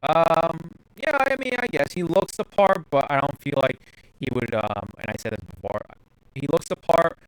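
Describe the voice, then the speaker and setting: A man's voice: a little high, lively intonation, normal speed, clear, resonant tone, dry recording, poor audio. A man hosting a podcast in casual chat, rambling with lots of fillers and restarts. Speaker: podcast host.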